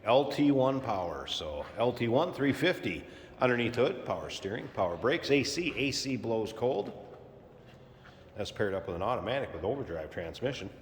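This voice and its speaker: A man giving a relaxed, plainspoken walkaround sales pitch for a classic car in a large indoor showroom. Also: moderate pace, long reverb tail, a little hiss or hum. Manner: relaxed, plainspoken, repeats key points.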